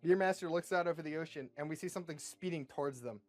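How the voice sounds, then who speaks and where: A man's voice: fairly high pitch, quick pace. A man reading his self-written comic script aloud as a casual, profane narrator. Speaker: YouTube creator.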